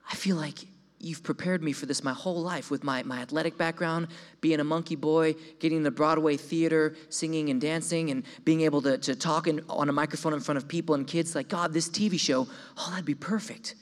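Young man, slightly high voice, energetic testimony in a reverberant hall, trips over repeated words. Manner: animated storytelling, voices his own quoted thoughts; repeats words when excited. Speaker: speaker giving a testimony. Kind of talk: sermon testimony.

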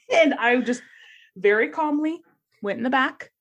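A woman's voice: high voice, animated, unhurried, a bit bright. A woman casually telling a funny work story on a podcast, laughing often as she talks.

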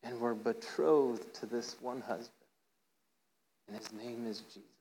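A preacher with a dark tone speaks at a measured pace over poor audio. Casual and conversational, he tells a playful story, voicing characters with rising pitch and frequently asking the congregation "right?"

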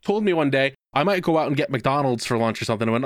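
A man's voice: fairly high pitch, quick pace, hardly any pauses, dry recording, clean studio sound. A man co-hosting a podcast, telling a work story in casual chat and acting out the quotes. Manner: animated storytelling with voiced quotes. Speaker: podcast co-host.

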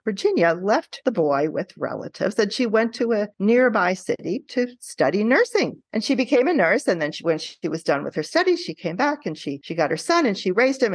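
A woman who teaches qualitative research, guesting on a podcast and telling stories in an animated way, often checking in with "right?". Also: mid-range voice, dry recording. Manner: animated storytelling, frequent tag questions.

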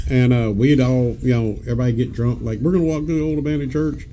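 A man co-hosts a podcast, telling rowdy stories packed with laughter and cursing in a casual chat. His mid-range voice is warm and fast, with fairly even intonation.

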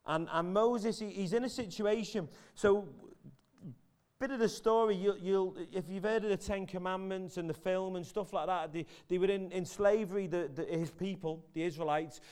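A man's voice: sits high, fairly even intonation, moderate pace, darkish tone, clear, resonant tone. A man giving a chatty, jokey sermon in a church, telling the story with many restarts. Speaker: preacher. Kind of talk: casual sermon.

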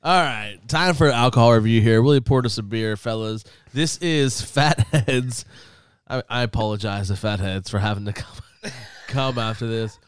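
A man's voice: on the low side, fairly quick, clear, resonant tone, no echo, studio quality. A man hosting a casual podcast, joking crudely with friends and reviewing a beer. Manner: crude, joking, reads beer labels aloud. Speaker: podcast host. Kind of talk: casual banter.

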